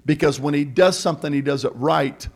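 Middle-aged guy preaching a sermon in church, kinda high voice, jokes around then gets loud. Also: brisk. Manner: preaching with call-and-response, building to shouts; humorous, conversational asides. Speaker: pastor. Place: church sanctuary.

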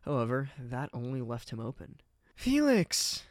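Casting: male storybook narrator, steady, mid-pitched, dry close sound. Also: normal speed, no echo. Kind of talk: reading fan fiction aloud.

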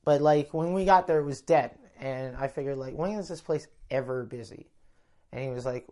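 Profane rambling Canadian comedian. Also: male voice, mid-range voice, moderate pace, dark tone. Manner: rambling, profane, self-interrupting. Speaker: comedian telling a road story. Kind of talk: casual storytelling podcast.

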